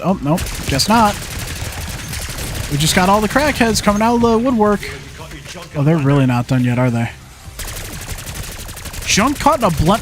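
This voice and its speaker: Young guy streamer cussing at zombies, kinda high voice, goes from muttering to yelling, quiet music under it. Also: very animated, measured pace, long pauses. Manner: frustrated, swearing, talking to the game; flips between mumbled asides and yelled outbursts. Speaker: gaming streamer. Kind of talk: live gameplay commentary.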